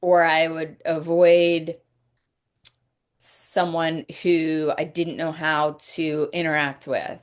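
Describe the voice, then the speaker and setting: A woman hosting a podcast, talking slowly and reflectively in a casual faith-based conversation, pausing to search for words. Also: low voice, level tone, clean tone. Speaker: podcast host.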